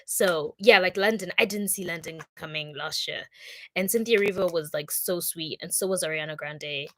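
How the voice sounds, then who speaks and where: A woman's voice: fairly low pitch, moderate pace, a bit bright, a little hiss or hum. A young woman from Congo chatting casually and upbeat on a livestream, with plenty of fillers. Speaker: content creator.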